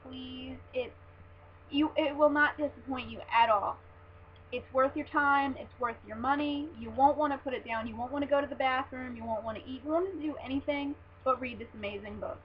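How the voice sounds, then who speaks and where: Gushing high-voiced young woman vlogging. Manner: gushing, excitable fan talk with many "like"s and restarts. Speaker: vlogger reviewing a book. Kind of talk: casual book review vlog. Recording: dull lo-fi webcam sound with faint hiss.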